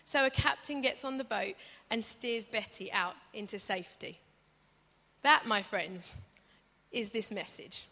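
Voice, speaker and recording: A woman's voice: fairly high pitch, moderate pace, vocal fry, bright, forceful tone. A woman preaching a conversational sermon, chatty and humorous, acting out stories as she goes. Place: church hall. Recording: reverberant church hall.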